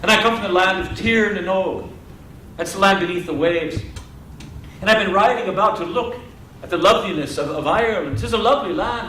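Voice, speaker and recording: A young fairy woman from beneath the waves, earnest and imploring, as a male storyteller puts her on. The voice sits a touch high and comes from a distant mic in a roomy space with faint ambience behind. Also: sharp tone, slight background noise.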